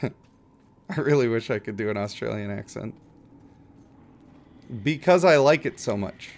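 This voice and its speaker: A man's voice: medium pitch, animated, measured pace, a little mellow. A man streaming a game, chatting casually and rambling in a wry, self-mocking way while reading chat.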